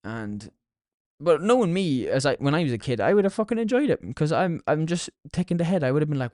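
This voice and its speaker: A man's voice: mid-range voice, lively intonation, brisk, a little mellow, no echo, clean studio sound. A young Irish man hosting a solo podcast, talking casually with plenty of swearing and mockery. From Ireland. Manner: sweary, mocking. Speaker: podcast host.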